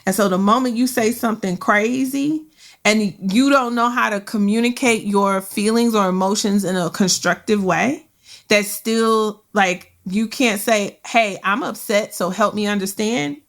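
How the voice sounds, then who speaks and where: Woman podcast host, mid pitch, emphatic and colloquial, repeats her points. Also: unhurried. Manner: emphatic, colloquial, preacher-like repetition. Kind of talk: casual podcast chat.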